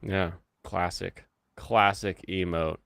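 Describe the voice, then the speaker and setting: A man's voice: low-pitched, fairly even intonation, slow, vocal fry, a bit bright, no room sound, studio quality. A man hosting a stream, chatting casually and hesitantly with many fillers. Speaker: streamer host. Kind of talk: casual chat.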